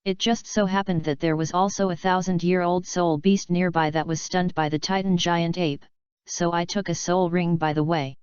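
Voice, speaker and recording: Cheerful young girl student, read by a woman, breezy, low-ish voice, dry sound. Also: steady tone, moderate pace, a little mellow, clear, resonant tone, no echo, close to an everyday voice. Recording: dull lo-fi recording.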